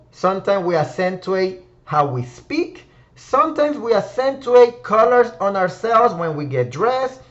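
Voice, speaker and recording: In a motivational session, the man running a word-of-the-week discussion room talks to listeners by name, sounding reflective and emphatic. His voice is high and a bit bright, with the highs cut off.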